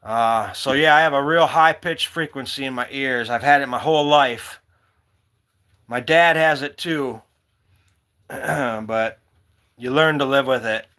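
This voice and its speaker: A man's voice: medium pitch, unhurried, pauses often, pushed and bright. A man hosting a casual livestream, rambling from one story to the next and talking to his viewers by name. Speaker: livestream host. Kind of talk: casual live-stream chat.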